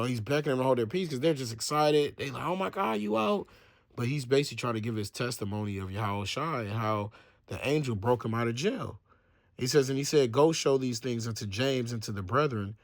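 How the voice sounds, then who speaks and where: A man reading Bible verses aloud and explaining them in casual slang, stumbling over words and acting out the people in the story. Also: mid-range voice. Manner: stumbles and restarts, thinks aloud while checking facts. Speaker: Bible teacher.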